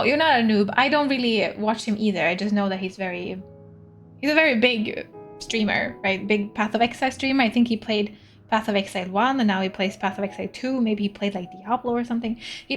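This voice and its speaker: A young woman streamer from Sweden, Swedish by first language, keeps up casual, giggly chatter during gameplay and reads game text aloud as she goes. Her voice sits in the mid-range, and she talks a little fast. Soft music plays in the background.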